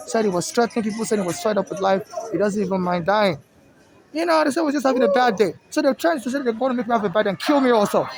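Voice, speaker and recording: A man's voice: sits high, lively intonation, quick pace, vocal fry, a crowd in the background, rough recording. A man with a Nigerian accent, from Nigeria, talking outdoors in an agitated, repetitive complaint that he aims straight at an official. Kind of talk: direct-to-camera complaint. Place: outdoors in a city.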